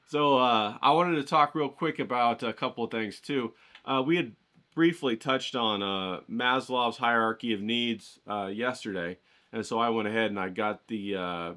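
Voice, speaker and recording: Joking rambly guy running his art channel, bright voice. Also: medium pitch. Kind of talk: casual vlog talk with drawing tips.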